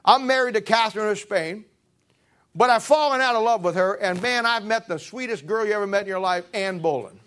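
A man's voice: high-pitched, fairly quick, fairly bright tone, clear, resonant tone. A man doing a brash, lovesick king. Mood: pleading. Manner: pleading, casual slangy talk.

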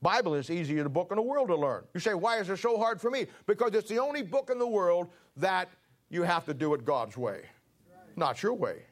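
A man's voice: high voice, lively intonation, fairly quick. A man preaching a sermon in an emphatic, folksy way, with rising bursts. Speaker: pastor.

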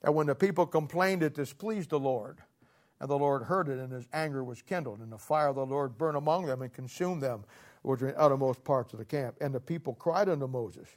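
A man preaching a sermon as pastor, emphatic and sarcastic, rising to loud outbursts. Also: mid-range voice, brisk.

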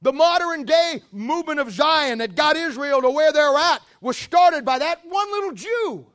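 A male preacher delivers a fiery sermon with rhetorical questions, and he tells his history as a story. His voice sits high for a man, and he climbs even higher and louder at his peaks. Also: normal speed.

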